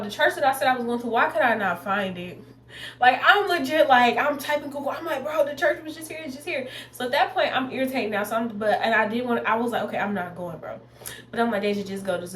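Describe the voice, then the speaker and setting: A young woman in her twenties chatting to viewers while doing her makeup, rambling and addressing them as y'all. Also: on the high side. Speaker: beauty vlogger. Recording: echoey room with faint noise.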